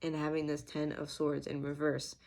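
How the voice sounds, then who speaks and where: Her voice sits low and comes out monotone and darkish, with vocal fry and a moderate pace. She's a young adult tarot reader doing an intense, sincere channeled reading packed with fillers and false starts, and she's getting emotional.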